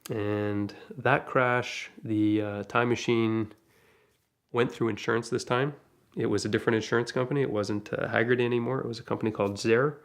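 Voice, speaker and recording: A man telling a casual first-person story about crashing his car, chatty and lively, with asides and small laughs. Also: mid-range voice, moderate pace. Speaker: DeLorean rental owner telling a crash story.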